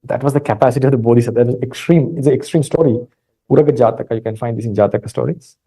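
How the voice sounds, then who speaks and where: A man with a Sri Lankan accent giving a calm Buddhist dharma talk, retelling a story with many fillers and restarts. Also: mid-range voice, rapid-fire, husky, rough recording. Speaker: Buddhist monk teacher.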